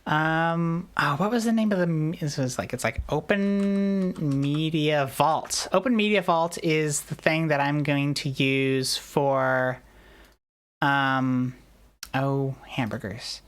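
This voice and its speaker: A woman's voice: sits low, takes it slowly. A woman streamer in casual chat, rambling and joking at her own expense. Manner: rambling, self-deprecating, jokey.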